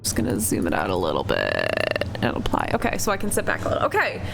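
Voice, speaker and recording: A woman's voice: rumbling low, huge pitch swings, quick pace, vocal fry, noisy background. A woman streamer giving casual, profane, joking commentary on a game between cases.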